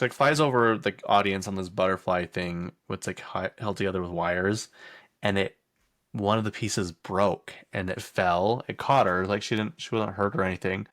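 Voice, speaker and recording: Gravelly low-voiced chatty young man. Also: fairly bright tone, no echo, clean studio sound. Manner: rambling, chatty, laughs often, lots of fillers. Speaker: pop culture podcast host. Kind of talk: casual chat.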